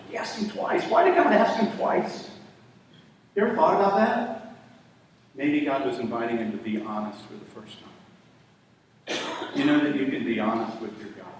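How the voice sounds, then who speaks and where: Male pastor mid-sermon, shifts from forceful to quiet, recorded from afar in a reverberant sanctuary with faint background noise. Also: mid-range voice, moderate pace. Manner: preaching with swells from loud emphasis to near-hushed tones. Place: church sanctuary. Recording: echoey hall from far off.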